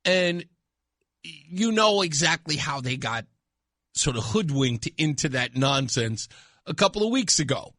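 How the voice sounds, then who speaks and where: A man's voice: a little high, very animated, a little slow, pushed and bright, no echo. A male talk radio host giving a sarcastic, mocking monologue in a studio. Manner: sarcastic, mocking, laughs at own jokes.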